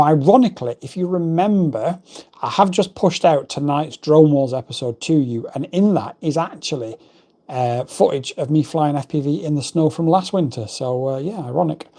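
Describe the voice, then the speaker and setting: A man's voice: mid-range voice, warm tone. A middle-aged man hosting a casual livestream, rambling and reading out viewer comments. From England. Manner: chatty, rambling, reads out chat messages. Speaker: livestream host. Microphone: desk microphone.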